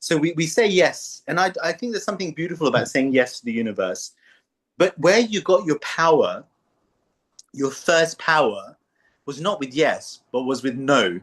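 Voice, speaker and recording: A slightly higher-voiced man hosts a relaxed philosophical conversation. He talks in a playful, storytelling way and slips into little character voices. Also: normal speed, husky. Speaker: podcast host. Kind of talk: casual philosophical chat.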